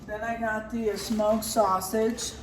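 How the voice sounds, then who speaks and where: A woman's voice: on the high side, flat delivery, a little slow, music in the background. A middle-aged woman chatting casually through a grocery haul at home, sometimes talking with her mouth full. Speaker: vlogger showing a grocery haul. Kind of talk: casual haul vlog chat. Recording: echoey room, mic far off, clear background noise.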